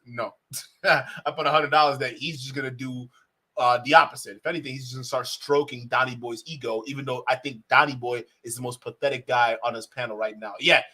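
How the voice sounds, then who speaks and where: A man's voice: medium pitch, pushed and bright. A man hosting reaction commentary, mocking and incredulous, laughing often between remarks. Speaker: commentary host.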